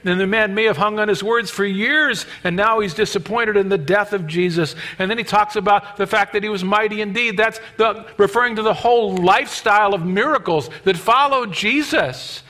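High, bright-voiced male preacher. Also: normal speed, few pauses. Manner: animated, acts out scripture voices. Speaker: pastor. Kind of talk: sermon.

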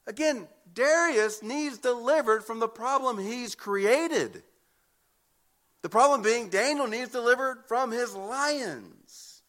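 Bright-voiced preacher man, emphatic. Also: very high voice, slow pace. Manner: emphatic, repeats words when building a point. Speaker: pastor. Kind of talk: expository sermon.

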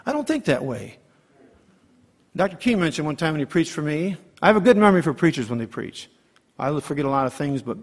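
A middle-aged male preacher with a fairly high-pitched voice delivers an emphatic sermon. He keeps calling for amens and throwing rhetorical questions at the congregation. His voice rings with a long reverb, as if heard in a large hall.

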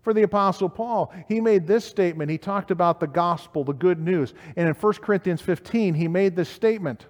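A man's voice: on the high side, animated, a little fast, darkish tone, big-room sound. A man preaching a sermon, reading scripture aloud and putting questions to his listeners. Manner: reads scripture aloud in King James wording, asks questions of listeners.

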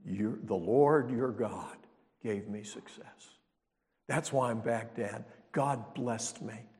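A pastor voicing a deceitful grown son, low and hushed. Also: male voice, slow. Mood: sheepish. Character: deceitful grown son lying to his father. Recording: long reverb of a large hall.

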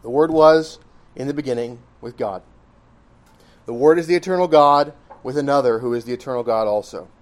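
A man's voice: mid-range voice, fairly quick. A man preaching a sermon, reasoning through his points step by step with emphasis. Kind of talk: sermon teaching.

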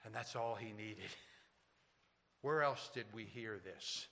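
A man preaching a sermon, swinging between loud emphasis and hushed, quiet passages. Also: fairly low pitch, slow pace, gravelly, long reverb tail. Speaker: pastor.

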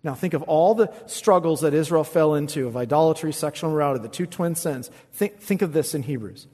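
A man preaching a sermon, reading scripture with emphasis and rising high on the quoted verses. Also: a little fast, a little mellow. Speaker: pastor. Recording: long reverb of a large hall.

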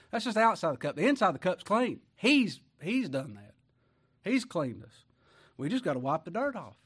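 A man's voice: sits high, sing-song, normal speed, a bit bright, husky. A middle-aged man preaching a sermon in a folksy way, firing rhetorical questions at his congregation.

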